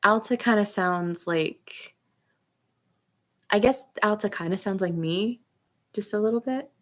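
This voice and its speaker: A woman's voice: mid-range voice, unhurried. A woman author hosting a casual live chat, talking in a hesitant, self-conscious way with many fillers.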